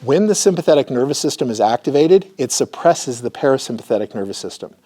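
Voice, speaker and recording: A man who works as a therapist, giving an educational lecture and demonstrating slow breathing, often checking in with "right?". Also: mid-range voice, expressive, mellow. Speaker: therapist teaching a class.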